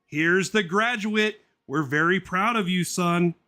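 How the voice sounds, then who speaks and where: A man voicing a proud middle-aged father bee in a slow, hearty, raised voice, reading a script aloud on a livestream. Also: high-pitched, bright, forceful tone, pitched above the performer's own voice, heavily acted.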